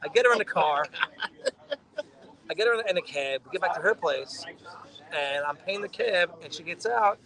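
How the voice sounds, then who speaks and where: A man with a bright, forceful voice, pitched a little high, tells a wild story in a loose, profane way. He co-hosts a casual podcast chat and acts out the lines of the people in his story. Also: moderate pace, pauses often. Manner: animated, profane storytelling with acted-out quotes. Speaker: podcast co-host.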